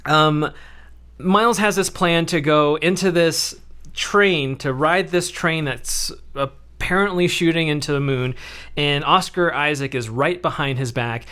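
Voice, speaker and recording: A man hosting a casual podcast, ranting animatedly and swearing freely as he recaps a film. His voice is high for a man, bright and smooth. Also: a little slow. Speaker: podcast host.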